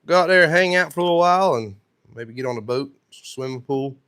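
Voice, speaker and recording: Man, thick North Carolina accent, sore throat, bright forceful tone, casual live-stream chat, workshop. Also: on the high side, lively intonation, a little fast, clean tone. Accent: thick North Carolina Southern. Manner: chatty, reads viewer comments aloud and answers them.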